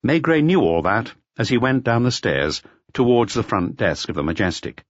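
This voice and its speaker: An audiobook narrator with a mid-range voice reads a crime novel aloud in scripted, measured, expressive storytelling. The audio is dull and lo-fi, dry with no room sound.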